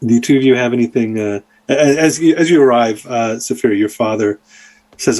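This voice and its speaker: A man's voice: mid-range voice, a little fast, darkish tone. A man narrating as dungeon master, rambling and full of fillers as he describes the scene. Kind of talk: narrating a tabletop game.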